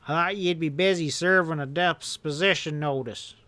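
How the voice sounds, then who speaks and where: Guy doing shifty cowardly outlaw in a western audiobook, high whiny pleading voice. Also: moderate pace, pushed and bright, no room sound. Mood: eager.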